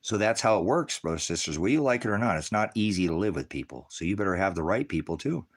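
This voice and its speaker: American man, off-grid preacher type, low voice, profane heated rants with shouting bursts. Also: lively intonation, fast, slightly rough. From United States. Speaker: ministry channel host. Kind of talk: profane off-grid rant to viewers. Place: rural off-grid homestead.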